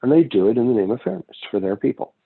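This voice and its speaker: Casual man lecturing on economics, husky tinny sound. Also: mid-range voice, lively intonation, quick pace. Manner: casual, digressive, with personal anecdotes. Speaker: economics instructor. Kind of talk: recorded lecture.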